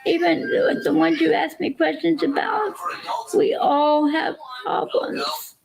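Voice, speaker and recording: A woman's voice: high-pitched, fairly even intonation, slow pace, creaky, music in the background, poor audio. An older woman, a grandmother, talking to viewers on a livestream, crying, pleading and defensive. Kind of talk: tearful livestream talk to viewers.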